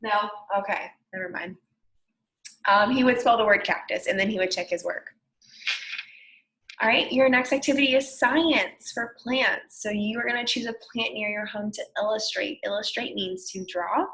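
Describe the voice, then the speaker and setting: A young woman speaks as an elementary school teacher recording a remote lesson for her class. Her delivery is patient and encouraging, with a mid-range voice. She slows down to clap and sound out words for the young children. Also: medium pitch, steady tone, pushed and bright, poor audio.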